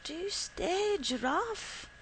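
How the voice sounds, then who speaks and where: A woman voicing a young woman who teases and coaxes softly, her lines pitched a little higher than the narration. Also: lively intonation, very slow, slight background noise, full character voice, low-quality recording. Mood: coaxing. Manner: teasing, coaxing, soft. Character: young woman, coaxing and teasing.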